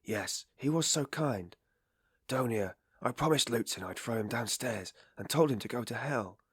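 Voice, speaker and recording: A man's voice: mid-range voice, animated, normal speed, slightly rough, no echo, voice pushed up. An irritable, feverish young man, read by a male narrator snaps out short, curt sentences in a plain mid-range voice. The sound is dry and close.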